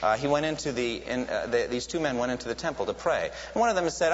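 A man delivers a sermon in an earnest, teaching manner, his mid-range voice lively and fast with few pauses, jumping sharply upward whenever he quotes someone crying out. The recording is lo-fi and somewhat dull, with a long hall reverb trailing each phrase over faint hiss.

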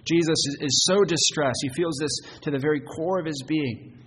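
A man preaching a sermon as pastor, earnest and halting, often repeating words as he goes. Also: a little high, fairly bright tone. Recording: long church reverb, faint noise.

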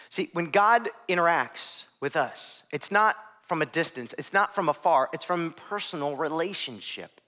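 Male pastor, high bright voice, casual and playful sermon delivery. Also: animated, normal speed, hardly any pauses, long reverb tail. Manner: conversational, playful, jokes with the congregation.

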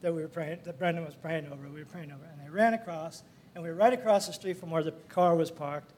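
High-voiced older man telling a story. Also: fast, darkish tone, a little hiss or hum. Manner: rambling, folksy, with frequent fillers and laughs. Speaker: church member sharing a testimony. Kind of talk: casual storytelling testimony.

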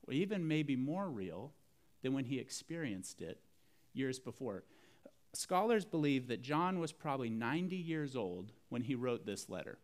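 A man preaching a sermon, earnest and emphatic, repeating key phrases for weight. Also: mid-range voice. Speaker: pastor.

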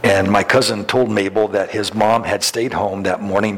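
Fairly low in pitch and steady in tone, the middle-aged pastor preaches at a moderate pace with a fairly bright, slightly rough voice. Folksy tales, chuckles, and many restarts fill the sermon, heard through long hall reverb.

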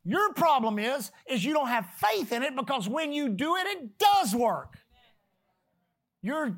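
A preacher delivering a sermon with emphatic swings from shouting to hushed tones, reading scripture slowly and calling on the congregation to repeat words. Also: medium pitch, sing-song. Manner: reads scripture slowly and deliberately.

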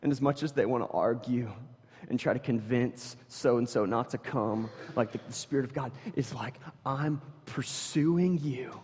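A man preaching a sermon as pastor, animated, swinging from loud emphasis to hushed intensity, with joking story asides. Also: mid-range voice, normal speed, slightly rough, in a large hall. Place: church sanctuary.

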